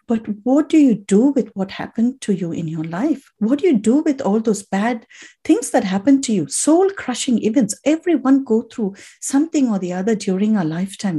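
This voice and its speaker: A woman's voice: fairly high pitch, warm tone, husky. A woman and native Tamil speaker, a podcast guest, telling her personal story with heartfelt gratitude, emotional and close to tears, often restarting her sentences.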